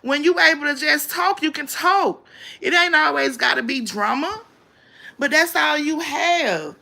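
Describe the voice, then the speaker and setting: A woman rants on her own livestream, blunt, confrontational and full of profanity. Her voice sits high and sounds bright and edgy, with a gravelly fry running through it. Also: animated, a little slow. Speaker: livestream host. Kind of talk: ranting live-stream commentary.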